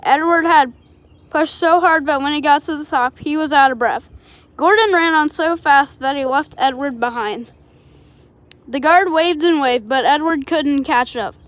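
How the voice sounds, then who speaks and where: A woman's voice: high-pitched, a little slow, fairly bright tone, no room sound. A woman reading a children's storybook aloud in a plain, unpolished way, with small slips along the way.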